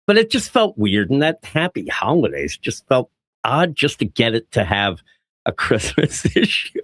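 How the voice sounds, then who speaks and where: A man co-hosting a casual podcast chat, animated and quick to act out quoted lines. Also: mid-range voice, no room sound, studio quality. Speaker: podcast co-host reviewing comics.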